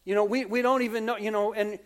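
A man's voice: high voice, fairly even intonation, fast. A man from the United States, a pastor preaching a conversational sermon full of asides and acted-out quotes.

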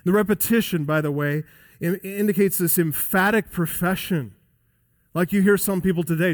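A male pastor preaching a sermon emphatically, swinging between loud high emphasis and quiet low drops. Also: normal speed, long reverb tail. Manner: emphatic preaching with wide swings in pitch and loudness. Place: church sanctuary.

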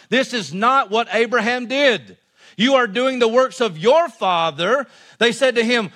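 A man preaching a sermon to his congregation, animated and expressive, swinging between loud emphatic lines and hushed ones. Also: very high voice. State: out of breath. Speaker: pastor.

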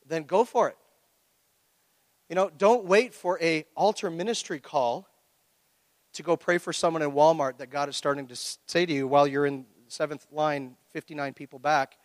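A pastor preaching a sermon, telling a personal story with lively acted-out reactions. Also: male voice, fairly high pitch, moderate pace, no room sound, in a large hall. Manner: animated storytelling, acting out his own reactions. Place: church.

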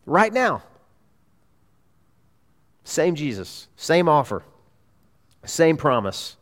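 Emphatic pastor preaching a sermon. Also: male voice, fairly high pitch, big pitch swings, extremely slow. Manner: emphatic, repeats key phrases, swings between loud urgency and hushed tones.

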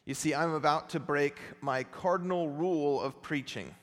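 Sex: male. Role: pastor preaching a conversational sermon. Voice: high. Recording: long sanctuary reverb. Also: normal speed. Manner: conversational, self-deprecating storytelling.

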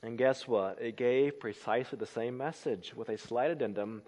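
A man preaching a sermon, swinging between loud emphatic lines and hushed, low phrases. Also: normal speed, hardly any pauses. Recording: long reverb of a large hall.

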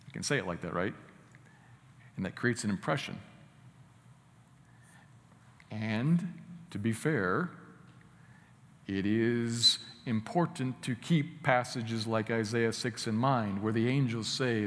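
A man preaching a sermon, earnest, swinging between loud emphatic lines and quiet asides. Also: medium pitch, a little slow. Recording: long hall reverb.

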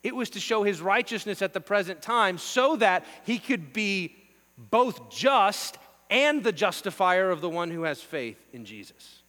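A man preaching a sermon, emphatic and rhythmic, swinging between hushed passages and forceful declarations. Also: high-pitched, big pitch swings, unhurried. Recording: long reverb with mains hum.

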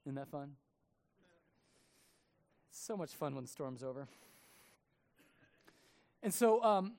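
A man preaches as a pastor in a sermon. He tells his stories with animated energy and acts out the quotes, his voice rising and falling widely. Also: high-pitched. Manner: animated storytelling with acted quotes.

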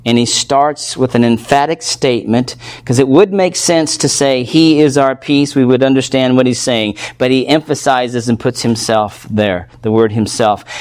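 A man preaching an expository sermon, earnest and emphatic, often pausing to check in with his listeners. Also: a little high, a little mellow. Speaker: pastor.

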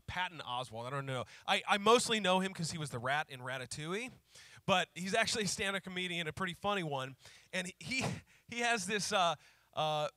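A male pastor preaching a sermon who slows down to repeat key phrases for emphasis and tells stories in a conversational way. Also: high voice, pushed and bright, dry recording, studio quality. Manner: conversational storytelling with fillers.

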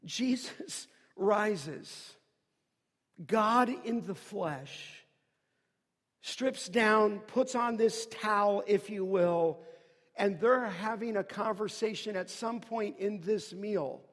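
A man pastor preaching a sermon, dramatic, dropping to hushed asides and rising to loud emphatic lines. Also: high voice, slow. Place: large church sanctuary. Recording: long hall reverb.

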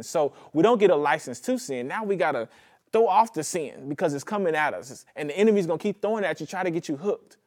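A man preaching a conversational, animated sermon as pastor, joking and calling on the congregation. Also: fairly high pitch. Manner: animated, conversational preaching with jokes and audience prompts.

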